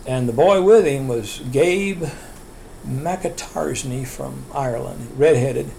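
A man's voice: mid-range voice, slow pace, creaky, dark tone, a little hiss or hum, rough recording. An older man recounting his family history in a rambling, chuckling way, with many restarts. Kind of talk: oral history storytelling.

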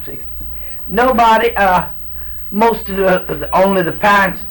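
A man's voice: high-pitched, a little slow, fairly bright tone, poor audio. A man in his sixties with a Cajun accent, telling stories in a rambling, folksy way during an oral history interview. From South Louisiana island. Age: 60s. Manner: rambling, folksy storytelling with restarts.

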